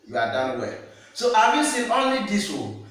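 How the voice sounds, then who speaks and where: Here a man's high, sing-song voice, fairly bright in tone, moves at a moderate pace as he teaches French pronunciation. He repeats words patiently to check comprehension in slow classroom fashion, heard through a distant mic in an echoey room.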